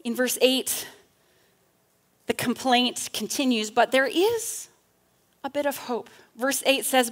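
A woman giving a reflective Bible talk, reading psalm passages with feeling and often asking "right?". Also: fairly high pitch. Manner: slow, earnest, with frequent rhetorical "right?"; reads psalm passages with rising intensity. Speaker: teacher in a church class.

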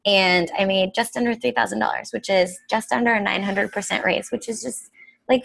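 A woman's voice: medium pitch, vocal fry, a bit bright, no echo, rough recording. A young woman speaking as the guest on a team call, candid and encouraging. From United States.

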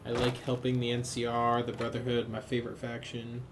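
A tired man streaming a video game, chatting casually, swearing freely and reacting loudly to the action. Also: medium pitch, completely flat delivery, brisk. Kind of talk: casual live gameplay commentary. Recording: noticeable background noise.

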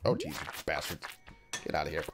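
With game music playing behind him, this gaming video host talks to himself in a chatty, casual let's-play. His rumbling low voice moves through huge pitch swings at a fairly quick pace.

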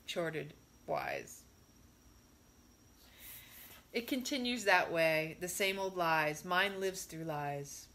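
Bright-voiced woman reading a spiritual discourse. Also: fairly low pitch. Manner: measured, emphatic rhetorical questions.

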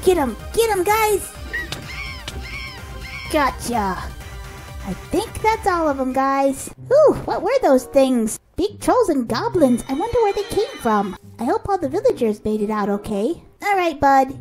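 A woman giving excitable let's-play commentary, gasping and cooing at her pet as she narrates her play. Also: high voice, measured pace, faint music behind. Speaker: game video creator.

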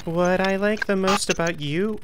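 A woman's voice: mid-range voice, fairly even intonation, measured pace, background noise. A young woman giving nervous, joking commentary while playing a horror game, often repeating herself. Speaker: gaming video creator.

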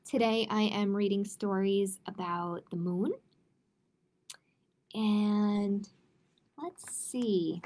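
A children's librarian reading a picture book aloud to children in a gentle, expressive way. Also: female voice, medium pitch, extremely slow, long pauses. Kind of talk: children's storytime read-aloud.

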